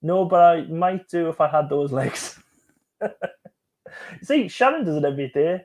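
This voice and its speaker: A man's voice: fairly high pitch, animated, unhurried, a little mellow. A man hosting a casual live stream, joking and chatting as he reacts to music videos and reads out viewer comments.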